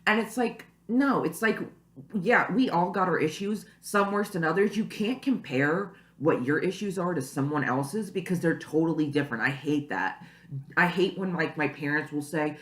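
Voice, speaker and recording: A woman's voice: low voice, moderate pace. A young woman vlogging casually to camera at home, rambling and chatty with lots of "you know" and "like". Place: at home, early morning. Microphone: camera mic. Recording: echoey room.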